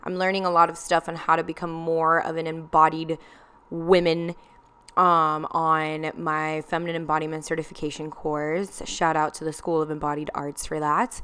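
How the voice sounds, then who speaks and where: A woman's voice: deep voice, level tone, moderate pace, fairly bright tone, clean tone. A young woman telling a candid personal story in a confessional vlog, with plenty of ums and likes.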